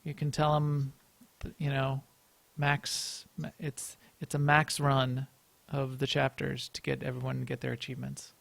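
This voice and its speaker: A man's voice: medium pitch, monotone, a little slow, creaky, fairly bright tone, dry recording. A man co-hosting a casual gaming podcast, rambling and restarting as he thinks aloud. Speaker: podcast co-host.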